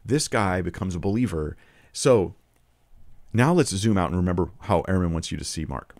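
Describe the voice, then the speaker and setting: Man, low voice, earnest argumentative commentary, quotes passages, restarts phrases, dry close recording. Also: expressive, normal speed, a little mellow, no echo. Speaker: Christian apologetics video presenter. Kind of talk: casual spoken commentary.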